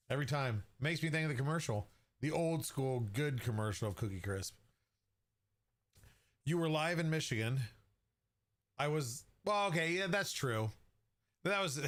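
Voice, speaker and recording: A man's voice: mid-range voice, a bit bright. A man hosting a casual livestream, chatty and joking, who greets viewers by name and laughs often. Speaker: livestream host.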